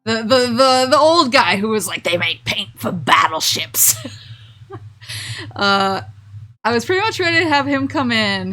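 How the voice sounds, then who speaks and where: A woman's voice: fairly high pitch, pushed and bright. A woman vtuber chatting casually on stream, telling a rambling story with frequent laughs, restarts and fillers.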